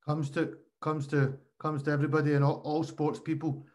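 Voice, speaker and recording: A man hosting a podcast, asking relaxed, encouraging questions in casual conversation. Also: on the high side, normal speed. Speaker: podcast host. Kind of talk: casual interview.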